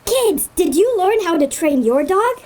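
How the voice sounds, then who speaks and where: Woman kids show host, super high voice, gentle and patient, talks slow to the kids. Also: big pitch swings. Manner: gentle, patient, gives simple dog commands. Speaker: kids' show host teaching dog tricks. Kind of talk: talking to children at home.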